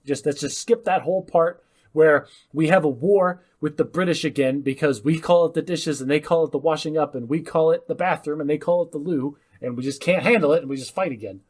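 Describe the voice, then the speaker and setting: A man's voice: on the high side, a little fast, a little mellow. A man co-hosting a podcast in casual chat, trading snarky jokes. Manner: snarky, joking. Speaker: podcast co-host.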